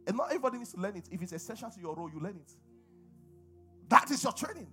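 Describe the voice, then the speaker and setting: Nigerian pastor man preaching, pretty high voice, gets the crowd to answer back, soft music under it. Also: expressive, rapid-fire. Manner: preaching, call-and-response with congregation. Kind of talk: sermon.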